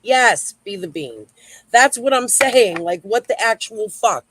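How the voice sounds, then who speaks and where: A woman's voice: mid-range voice, animated, unhurried, fairly bright tone, slight background noise, rough recording. A woman hosting a livestream, rambling and swearing while she answers viewers in the chat. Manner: rambling, profane, replying to chat. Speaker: YouTube livestream host. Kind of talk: casual livestream rant.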